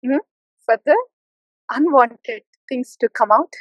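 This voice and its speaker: Woman spiritual teacher, high voice, dry close recording, playful then urgent sermon delivery. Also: slow, dry recording, rough recording. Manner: playful, mimics complacent listeners with soft laughs. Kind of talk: devotional talk.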